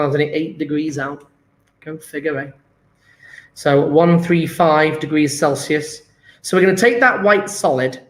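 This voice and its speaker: A man teaching a chemistry lesson online from home, chatting casually and repeating phrases as he writes them down. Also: fairly high pitch. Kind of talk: online lesson, explaining while writing notes. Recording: echoey room.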